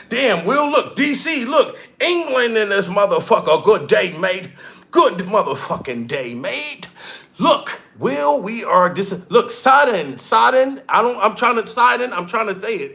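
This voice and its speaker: A man hosting a livestream, ranting loudly and excitedly, swearing and shouting out to viewers in the chat. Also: high-pitched, gravelly. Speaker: livestream commentator. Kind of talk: profane livestream rant.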